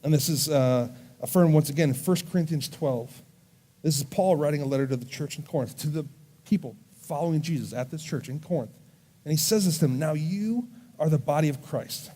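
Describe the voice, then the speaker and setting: Man, youth pastor, warm mellow voice, earnest gentle sermon, church service. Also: on the high side. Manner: earnest, gentle, slows down when reading scripture. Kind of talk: sermon to a student audience.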